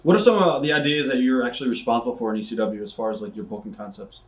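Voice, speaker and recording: A man's voice: mid-range voice, rapid-fire. A man interviewing a guest, asking short questions and giving brief acknowledgments. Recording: echoey room.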